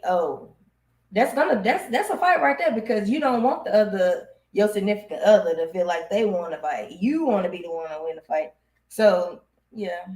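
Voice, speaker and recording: A woman co-hosting a podcast in casual chat, soft-spoken and laid-back. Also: mid-range voice. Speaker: podcast co-host. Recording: echoey room.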